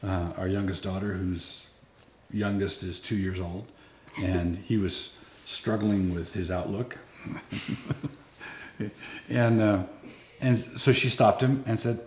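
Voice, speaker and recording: Older grandfather, low voice, hesitant. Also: steady tone, slow, pauses often, darkish tone, slight background noise. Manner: hesitant, many fillers and restarts, explanatory. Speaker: parenting speaker. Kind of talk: casual conversational advice. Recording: roomy echo.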